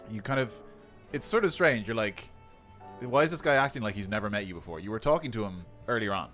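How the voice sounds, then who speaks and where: A man's voice: mid-range voice, fairly bright tone. A man running a tabletop game as game master, narrating in an easygoing way with hesitant fillers.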